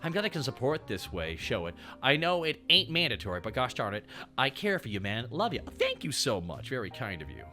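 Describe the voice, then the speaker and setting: Young male streamer, casual and laid-back, bright voice that moves a lot in pitch, light music underneath. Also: huge pitch swings, a little fast. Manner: laid-back, swears casually, laughs often. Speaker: streamer host.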